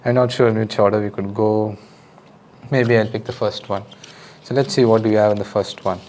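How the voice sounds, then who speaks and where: A man's voice: fairly low pitch, fairly even intonation, fairly quick, a little hiss or hum. Patient Indian-accented male drum teacher. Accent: Indian English. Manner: patient, counts beats aloud, friendly instructions. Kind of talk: casual spoken lesson. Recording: loud drum music behind the voice. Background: drums and music.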